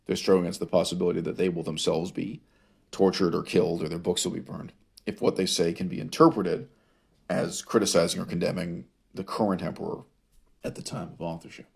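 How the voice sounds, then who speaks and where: A man's voice: deep voice, flat delivery, vocal fry, darkish tone, breathy edge. A man lecturing on ancient history, reading source passages aloud and commenting on them with wry humor and rhetorical questions. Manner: wry, laughs at his own source readings; rhetorical questions, drawn-out emphasis.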